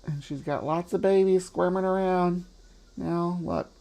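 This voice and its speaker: Guy rambling on a livestream, kinda high voice, laughs a lot. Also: fairly even intonation, measured pace, warm tone. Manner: chatty, laughs often, playful snake voices. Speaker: livestream host. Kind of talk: casual livestream commentary.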